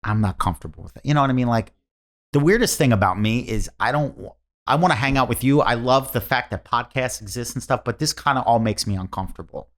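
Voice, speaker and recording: A man's voice: medium pitch, brisk. A man who does stand-up, telling a rambling story as a podcast guest and breaking into laughter as he goes. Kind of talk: casual storytelling.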